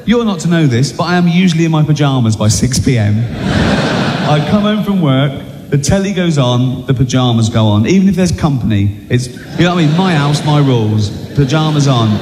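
A man's voice: a little high, expressive, a little fast, in a large hall, noisy background. A man telling a self-mocking anecdote on stage, chatty and tagging lines with "right?". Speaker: comedian.

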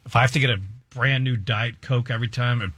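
A man's voice: mid-range voice, steady tone, quick pace, fairly bright tone, husky, no room sound. A man co-hosting a casual talk show, chatty and musing. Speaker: co-host. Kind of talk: casual chat.

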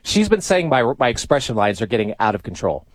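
Animated man telling a story. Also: medium pitch, fast talker, no room sound. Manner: animated storyteller, laughs often. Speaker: co-host. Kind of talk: casual banter.

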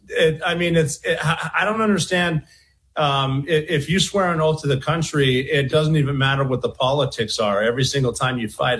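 A man in a played interview clip speaking earnestly and haltingly, often restarting his phrases. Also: mid-range voice, a bit bright.

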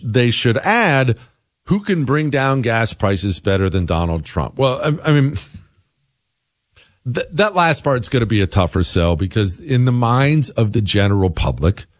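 A male radio talk show host reading listener email aloud, with wry, sarcastic asides and lively commentary. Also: fairly low pitch, no echo, clean studio sound.

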